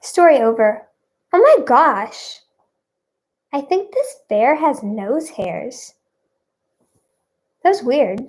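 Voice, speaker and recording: A woman with a high, bright-sounding voice hosts a playful live stream. She talks at an easy, unhurried pace and reads out her viewers' guesses with bubbly cheer. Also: sing-song. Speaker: livestream host.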